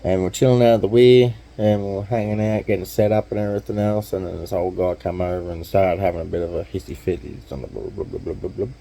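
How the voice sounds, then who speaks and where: A man's voice: low-pitched, fairly even intonation, quick pace, gravelly, hardly any pauses, mellow, slight background noise, poor audio. A man with an Australian accent telling a story in a laid-back, chatty, slangy way. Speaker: vlogger. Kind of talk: casual storytelling.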